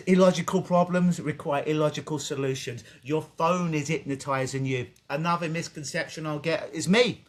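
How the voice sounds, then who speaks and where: A man's voice: fairly high pitch, moderate pace. A man who is a clinical hypnotist, talking casually on a podcast interview over a video call and acting out the voices of people he quotes. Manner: animated storytelling, acts out quoted voices.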